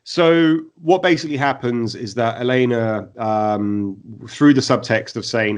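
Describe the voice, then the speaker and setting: A man, co-hosting a podcast and reviewing a TV episode in casual, animated chat full of fillers and restarts. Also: fairly low pitch, a little slow. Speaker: podcast co-host.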